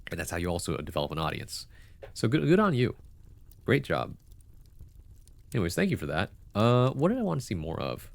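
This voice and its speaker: Deep-voiced male streamer with congested nose. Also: huge pitch swings, fairly quick, vocal fry, long pauses, dry recording. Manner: chatty, rambling, with many fillers and self-corrections. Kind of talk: casual livestream commentary.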